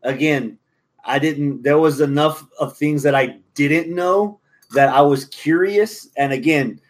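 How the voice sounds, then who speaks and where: A man co-hosting a casual wrestling podcast, grading shows and cutting in with dry one-liners. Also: mid-range voice. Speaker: podcast co-host.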